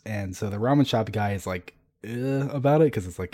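A man with a low, mellow voice retells a story in a casual podcast chat. He talks animatedly, laughs often and restarts his sentences. His voice sounds dry and close to the mic. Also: no room sound. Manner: animated, laughs often, quick restarts, quotes characters in an everyday voice.

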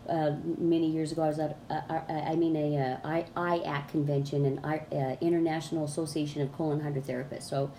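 Woman guest, mellow tone, rambling animated storyteller who acts out her quotes. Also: low voice, quick pace, few pauses, a little hiss or hum. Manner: rambling, with many restarts and fillers. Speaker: guest, colon hydrotherapist. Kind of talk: casual storytelling in an interview.

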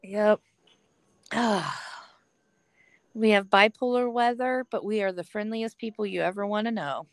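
A woman from the American Midwest co-hosting a podcast, animated and acting out little quotes as she talks. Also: medium pitch, measured pace, long pauses, no room sound. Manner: animated storyteller, acts out quotes. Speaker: podcast co-host. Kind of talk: casual chat.

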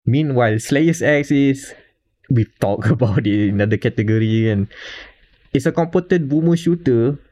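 A man's voice: medium pitch, normal speed, mellow. A man with a Malaysian English accent, co-hosting a casual podcast panel and talking at length with restarts and small chuckles. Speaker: podcast co-host.

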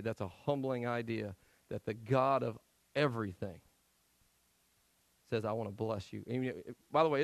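Man preaching a lively church sermon. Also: a little high, no echo, poor audio. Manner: animated storytelling, acts out quoted voices; swings between loud emphasis and quiet asides. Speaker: pastor. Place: church sanctuary.

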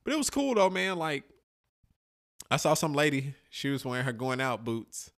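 A man's voice: mid-range voice, moderate pace. A middle-aged man, co-host of a podcast, chatting casually and profanely about his trip, acting out what people said. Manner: animated storytelling, acts out quotes.

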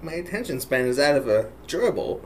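A man's voice: medium pitch, fairly quick, slight background noise. A young adult man co-hosting a movie review podcast, chatting casually, swearing freely and laughing often. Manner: profane, laughs often, excitable. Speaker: podcast co-host. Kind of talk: casual chat.

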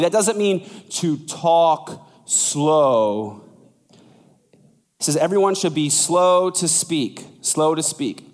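Man, pastor, sermon, slightly high voice, animated delivery, reverberant hall. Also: normal speed. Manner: animated, acts out quoted voices with big pitch jumps.

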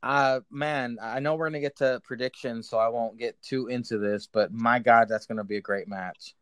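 Male podcast host, relaxed play-by-play recap, close dry mic. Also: medium pitch, moderate pace, smooth, no echo. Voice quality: casual, swears, laughs with co-hosts.

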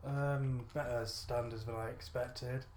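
A man's voice: medium pitch, flat delivery, measured pace. Terse man in an echoey room. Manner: quiet and terse, short answers. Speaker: podcast guest. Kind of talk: casual chat. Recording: echoey room with faint background noise.

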